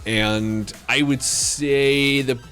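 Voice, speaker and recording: A man's voice: mid-range voice, steady tone, very slow, bright, forceful tone. A man streaming a game live, chatting casually with viewers in a jokey, rambling, playfully flirtatious way. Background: faint background music.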